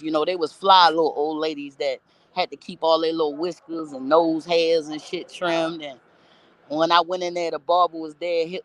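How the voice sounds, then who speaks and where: A blunt woman speaks in a candid storytelling monologue. She curses freely and stresses her points hard. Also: low voice. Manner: blunt, profane, emphatic. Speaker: rapper telling her life story.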